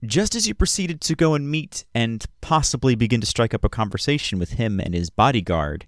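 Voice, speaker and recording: A man's voice: mid-range voice, lively intonation, a little fast, no echo, studio quality. A man who narrates a tabletop game as game master in a hesitant way, with many fillers.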